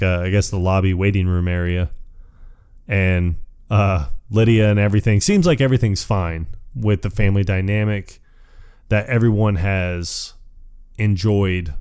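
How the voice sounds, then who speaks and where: A man's voice: low-pitched, darkish tone, smooth. A man hosting a podcast, retelling a movie in a rambling, casual way and acting out lines, laughing often. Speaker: podcast host. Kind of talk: casual movie recap chat.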